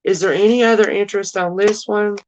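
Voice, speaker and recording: A woman's voice: medium pitch, fairly even intonation, a little fast, a little mellow, slight background noise. A woman with a Southern drawl, chatting casually as she runs a live-stream auction and talks straight to her viewers. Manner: chatty, addresses viewers as y'all and darling.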